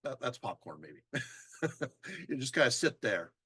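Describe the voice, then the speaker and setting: A middle-aged man giving a lecture, animated, acting out how people react and laughing now and then. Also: mid-range voice, a little slow, husky, dry recording. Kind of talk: live lecture to an audience.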